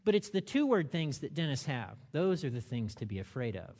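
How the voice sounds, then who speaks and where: A male pastor preaching a sermon with animated, humorous storytelling. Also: mid-range voice, fairly quick, in a large hall.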